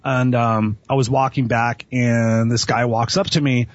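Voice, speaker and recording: A man telling his life story as a guest on an interview show, animated and eager, often acting out voices. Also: mid-range voice, unhurried, dry recording. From Southern California. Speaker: podcast guest. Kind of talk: storytelling in conversation. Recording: dull lo-fi sound.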